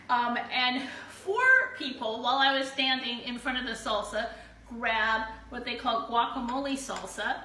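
Bubbly high-voiced woman cooking live. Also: expressive, measured pace, sharp tone, recorded from a distance. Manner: bubbly, exclaims often with whoops. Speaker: host of a live giveaway show. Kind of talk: live-stream cooking demo, chatting to viewers. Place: home kitchen. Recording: roomy echo, voice a bit off-mic, faint room noise.

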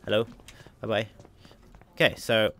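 A man's voice: on the low side, flat delivery, unhurried, vocal fry, pushed and bright. A man commentating a video game as he plays, narrating every move, spelling out letters and repeating himself. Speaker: let's play gamer.

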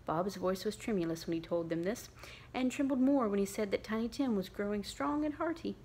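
A woman reads a classic novel aloud in full, measured and expressive. Her voice sits at an ordinary middle pitch for a woman. The pacing suits long-form audiobook narration. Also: a little hiss or hum. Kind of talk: unabridged novel reading.

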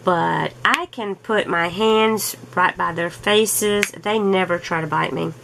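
Slow-talking woman chatting at home. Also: on the low side, vocal fry, a bit bright, a little hiss or hum, poor audio. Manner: slow, chatty, laughs often. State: throat a bit rough from allergies. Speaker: diamond painting vlogger. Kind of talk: casual chat while crafting.

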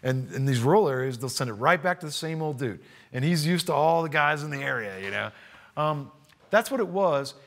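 A man who works as a contractor and trainer tells a story straight to the camera in a casual way. His voice sits a little high and swings widely. He slips into the voices of the people he quotes. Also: fairly quick, vocal fry. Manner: animated, acts out quoted voices.

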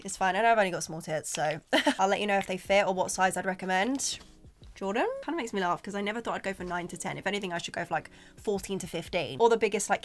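A woman's voice: mid-range voice, fairly bright tone. A young woman with a British accent talks through a clothing and home haul in loose, chatty vlog style. Her speech is full of "like" fillers and blunt, candid asides, now and then a swear word. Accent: British English. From Britain. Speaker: vlogger. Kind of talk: casual shopping haul chat.

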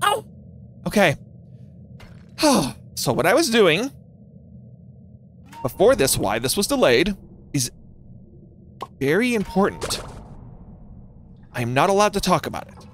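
A young man streaming a game and chatting to viewers, excitable and giggly, breaking into squeals and shouts. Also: high-pitched, measured pace, long pauses, faint music behind. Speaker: gaming YouTuber. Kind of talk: live gameplay commentary.

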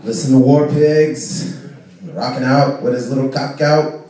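A male stand-up comedian doing a set in a small club, telling stories in a profane, animated way and shouting out quoted lines. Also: mid-range voice, unhurried. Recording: echoey club audio from far off.

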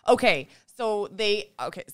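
A woman's voice: medium pitch, expressive, a little slow, no echo. A woman, a podcast guest, chatting casually in a studio, rambling and blunt, swearing freely.

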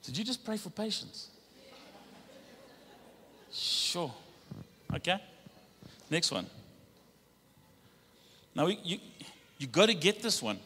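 Pastor guy, high bright voice, rousing sermon, church hall reverb. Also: sing-song, slow pace, long pauses, slight background noise. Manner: rousing, leads congregation in call-and-response declarations. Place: church sanctuary.

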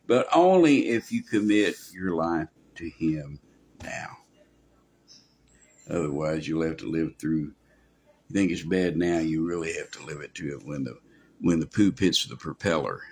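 A man's voice: sits low, animated, normal speed, creaky, slightly rough. A male pastor preaching a sermon in a folksy, rambling way with asides.

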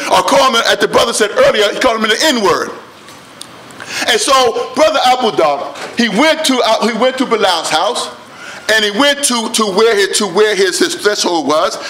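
A male imam with an African American English accent preaches to a convention crowd in a high, bright, ringing voice. He builds emphasis through repetition and restarts, drawing out key lines. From United States. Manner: preaching with rising emphasis and repeated phrases. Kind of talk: convention sermon.

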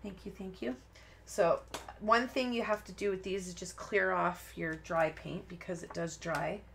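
A woman in the middle of a live crafting demonstration talks through each step in a loose, chatty way. She starts sentences, abandons them and starts again, and chuckles at her own mistakes. Her voice sits at an ordinary pitch for a woman, under a faint layer of background noise. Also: fairly even intonation, a little slow, vocal fry. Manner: chatty, rambling, self-interrupting, laughs at herself. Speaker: crafting tutorial host.

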